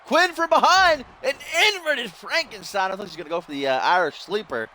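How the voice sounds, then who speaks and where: A young man doing excited, exasperated play-by-play commentary while playing a wrestling video game, laughing at the mistakes. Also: sits high, brisk, a little hiss or hum. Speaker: gaming YouTuber.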